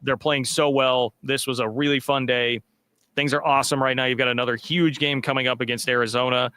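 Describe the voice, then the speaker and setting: A man's voice: mid-range voice, little pitch movement, a little fast, pushed and bright, clean tone. A man hosting a sports podcast, chatting casually and upbeat with lots of fillers. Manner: upbeat, filler-heavy, reads sponsor plug.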